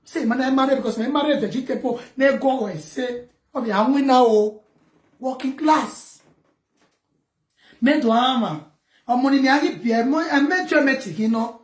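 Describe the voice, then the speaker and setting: A woman's voice: high-pitched, normal speed, roomy sound. A Nigerian woman vlogger ranting and scolding in Pidgin-mixed talk. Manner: loud, scolding, mixes Pidgin and local words. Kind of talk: ranting commentary to camera.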